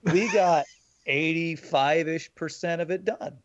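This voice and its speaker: A man chatting casually as a player in a tabletop game, joking and animated. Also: on the high side, takes it slowly, a little hiss or hum. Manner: joking, animated, laughs often. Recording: dull lo-fi audio.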